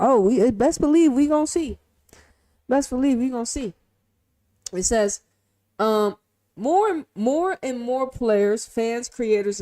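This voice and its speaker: A high-voiced woman streamer talks in casual, profane commentary. Her pitch leaps all over, and she fires off rhetorical questions. She drops from loud bursts to near-hushed mutters. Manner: animated, swinging from loud to hushed.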